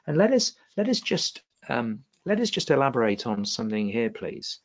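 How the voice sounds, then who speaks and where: A man's voice: medium pitch, moderate pace, hardly any pauses. Guy teaching an online revision class, keeps asking if it makes sense, muffled lo-fi sound. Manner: animated, questioning the class often. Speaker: exam tutor.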